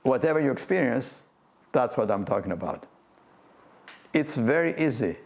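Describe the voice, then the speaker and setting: An older man, a physics professor, gives a gentle, playful guided talk on breath meditation and laughs often. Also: medium pitch, big pitch swings, moderate pace, creaky. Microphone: video talk to a remote audience.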